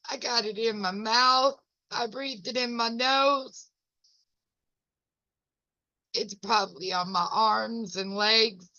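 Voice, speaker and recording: A woman's voice: fairly high pitch, slow, pauses often, sharp tone, dry recording. A folksy, self-mocking woman, chatting casually as the host of a home video, her eyes burning from pepper. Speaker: wellness ministry host. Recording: dull lo-fi dry sound.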